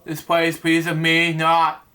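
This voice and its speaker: Impatient hungry diner from a storybook, read by a man, plain delivery, high bright voice. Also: completely flat delivery, slow. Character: hungry, impatient restaurant customer, adult man.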